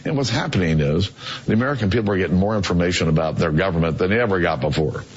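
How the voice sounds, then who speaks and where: Low, husky man in a played interview clip. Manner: halting, with frequent fillers. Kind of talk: casual interview answers. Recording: dull lo-fi clip played on air.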